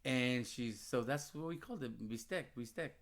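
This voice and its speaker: Easygoing man, podcast co-host, animated anecdote teller, mid-range voice. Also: medium pitch, normal speed. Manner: chatty, laughs while telling anecdotes, acts out quotes. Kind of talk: casual chat.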